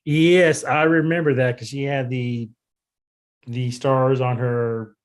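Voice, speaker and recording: Male co-host for a casual podcast, easygoing recap delivery, average pitch. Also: takes it slowly. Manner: relaxed recapping, with fillers like "uh" and "um". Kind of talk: casual chat.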